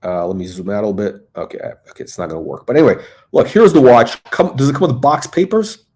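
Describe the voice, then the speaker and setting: This livestream host talks fast and casually, his mid-pitched voice a little mellow as it comes through a computer mic. Fillers, repeated words and restarts run all through his rambling chat.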